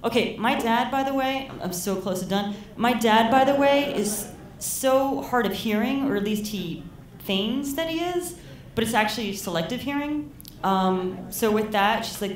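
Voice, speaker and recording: A woman's voice: on the high side, moderate pace, a little hiss or hum. Rambling woman telling a story live on stage. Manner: casual, rambling, heavy use of "like". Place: live storytelling event in a venue. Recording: roomy live hall, mic heard from a distance.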